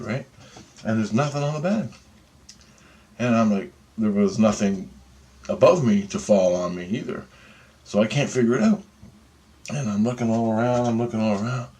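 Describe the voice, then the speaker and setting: A man casually telling a vlog story, animated and full of swearing. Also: fairly low pitch, moderate pace, pauses often. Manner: profane, animated retelling of a dream. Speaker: vlogger.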